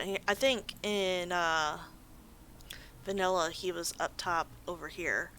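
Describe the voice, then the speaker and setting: A woman's voice: fairly low pitch, a bit bright, slight background noise, low-quality recording. Sleepy rambling woman gamer. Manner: rambling, self-deprecating, sleepy. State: tired, yawning. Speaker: let's play host. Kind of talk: relaxed gameplay commentary.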